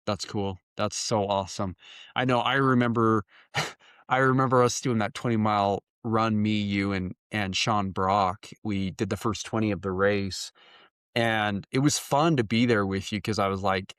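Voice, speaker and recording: Excitable, laughing male podcast host. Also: lowish voice, normal speed, clean tone, no echo, clean studio sound. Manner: excitable, laughs a lot, talks in bursts. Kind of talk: casual interview chat.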